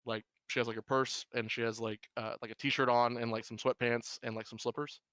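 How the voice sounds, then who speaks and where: A man's voice: medium pitch, little pitch movement, fairly quick, fairly bright tone, dry recording. A man narrating a tabletop role-playing game as game master, rambling with lots of fillers.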